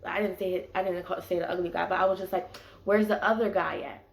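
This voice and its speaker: A woman's voice: lowish voice, fast, creaky. A young woman telling a story in a casual, slangy way, full of fillers. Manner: animated, slangy storytelling with many "like"s. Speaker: vlogger. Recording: echoey room.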